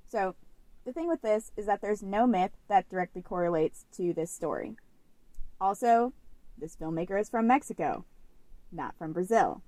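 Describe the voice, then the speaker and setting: A woman's voice: mid-range voice, lively intonation, moderate pace, mellow, no room sound. A young woman co-hosting a podcast, telling a story in a chatty, casual way full of "like" fillers. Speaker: podcast co-host.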